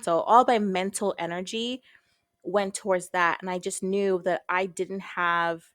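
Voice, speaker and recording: Frank, expressive woman in a dry recording. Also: fairly low pitch, measured pace, no room sound. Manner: frank and expressive, swears casually, acts out her own past thoughts. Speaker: podcast guest. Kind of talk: candid personal storytelling.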